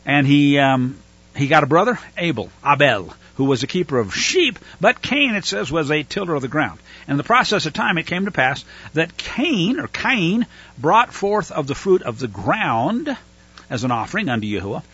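Lively, bright-voiced male Bible teacher. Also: a little high, normal speed, husky, dull audio. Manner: explains Hebrew words, thinks aloud with fillers.

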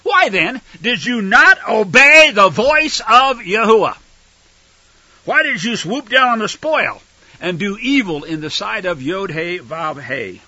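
A man's voice: sits high, very animated, measured pace, bright, forceful tone, no room sound, exaggerated voice. A man voicing a stern, exasperated old prophet who scolds a king with sarcasm and modern slang, on a dull lo-fi recording. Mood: scolding.

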